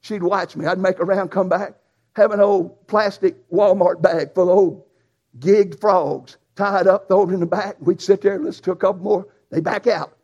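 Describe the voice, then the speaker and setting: A preacher who tells a folksy, animated story in a sermon. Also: male voice, high voice, normal speed, breathy edge. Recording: dull lo-fi sound.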